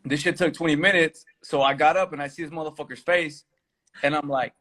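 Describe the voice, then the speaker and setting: A man telling a story in casual chat, profane and animated, acting out what people said. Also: a little high, fast. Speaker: guest fighter.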